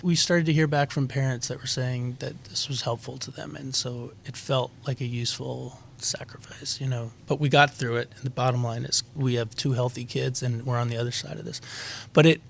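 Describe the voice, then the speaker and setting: A man in his forties talks through his family story with candor and some reflection, his voice a little gravelly. His pitch sits at an everyday middle level for a man. The setting is a relaxed conversational interview. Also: fairly quick, hardly any pauses, slight background noise. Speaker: guest musician.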